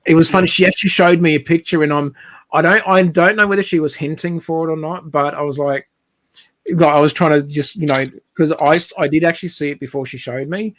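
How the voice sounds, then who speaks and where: A man's voice: on the high side, steady tone, a little fast, fairly bright tone. A man telling a long, rambling story in casual chat, speaking over a video call.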